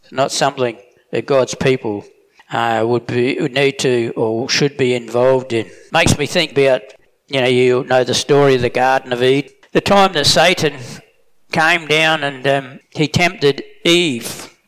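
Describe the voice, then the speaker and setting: A man's voice: medium pitch, fairly even intonation, unhurried, a bit bright. Emphatic preacher man in a reverberant hall. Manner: plain-spoken, emphatic, with self-corrections. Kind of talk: sermon.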